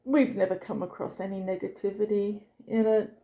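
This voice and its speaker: A woman's voice: mid-range voice, fairly quick. Chatty Australian woman in an echoey room. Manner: animated storyteller, acts out quotes. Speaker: travelling vlogger. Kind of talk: casual chat. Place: friends' home.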